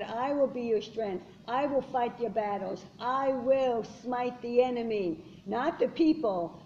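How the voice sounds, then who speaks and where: Woman preacher, mellow and fairly high, fervent and repetitive sermon delivery; lo-fi recording with faint hiss. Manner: fervent, repetitive exhortation quoting scripture. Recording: dull lo-fi sound with faint hiss.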